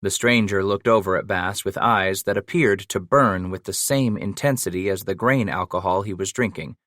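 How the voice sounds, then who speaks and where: Steady and measured, a low male voice delivers scripted audiobook storytelling. The studio recording is clean and dry.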